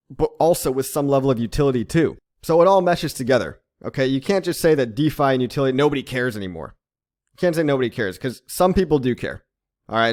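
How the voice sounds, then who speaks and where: A man's voice: medium pitch, a little mellow. Chatty man explaining crypto casually. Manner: chatty, tag questions like okay and right, laughs at his own jokes. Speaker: crypto channel host.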